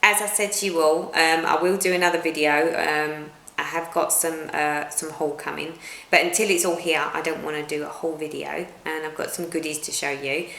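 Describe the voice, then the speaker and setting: With a deep, creaky and slightly bright voice, a middle-aged British woman speaks flatly at normal speed. She is a cross-stitch vlogger from the United Kingdom chatting casually at home, rambling and restarting a lot, in a room that echoes.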